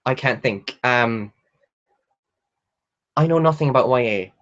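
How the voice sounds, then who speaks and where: A man's voice: mid-range voice, unhurried, a bit bright, dull audio. Gushing, rambling young man on a livestream. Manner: rambling and gushing, with frequent "like" fillers and swearing; reads viewer comments aloud and answers them. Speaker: booktuber hosting a live stream. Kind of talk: casual live-stream chat.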